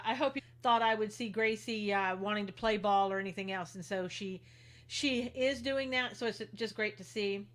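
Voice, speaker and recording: A woman with a bright, slightly high voice hosts a livestream of political commentary. She is chatty and informal, greeting her viewers one by one by name. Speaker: livestream host.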